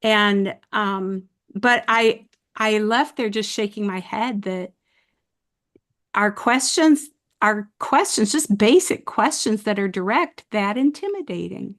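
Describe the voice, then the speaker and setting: An older woman speaks over a video call, hosting a casual chat. She tells her story slowly and deliberately, at a middling pitch, often restarting her sentences. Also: expressive, a bit bright. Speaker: host.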